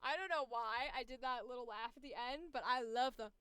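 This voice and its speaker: A woman's voice: fairly high pitch, fairly quick, a bit bright, smooth, dry recording. A young woman voice actor streaming casually, profane and self-mocking, muttering to herself at a close mic. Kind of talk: casual live-stream chat.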